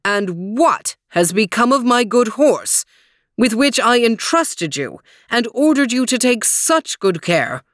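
A woman's voice: sing-song, takes it slowly, no echo, studio quality. A woman voicing a hearty, bellowing older lord and master in a storybook reading. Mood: stern. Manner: bellowing, booming.

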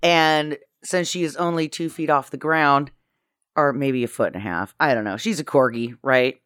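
A woman's voice: deep voice, moderate pace, fairly bright tone, no echo, studio quality. Rambling playful woman on a podcast. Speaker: podcast co-host. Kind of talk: casual movie-review chat.

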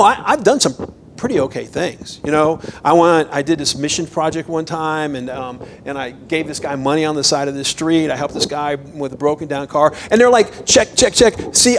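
Man, pastor, sermon, lively and emphatic, somewhat high voice, faint low rumble. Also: low-quality recording. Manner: animated, conversational, rises to emphatic bursts.

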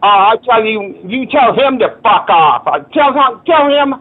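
A man's voice: very high voice, expressive, a little slow. A man on a phone call, angry and swearing, threatening to take action over a complaint. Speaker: angry caller.

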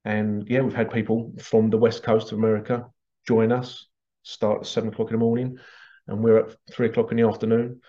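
A man who leads past life regression workshops, telling stories in a chatty, animated way. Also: lowish voice, brisk. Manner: chatty, animated, laughs often. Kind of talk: casual storytelling promo. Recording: dull lo-fi recording.

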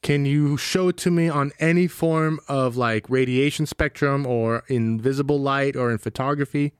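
A man's voice: mid-range voice, moderate pace, clean tone, dry recording, studio quality. A man casually recapping a comedy film with a co-host, acting out the characters' lines and laughing as he goes. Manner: animated retelling, acting out lines, swearing, laughing. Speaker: podcast co-host. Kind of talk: casual movie recap chat.

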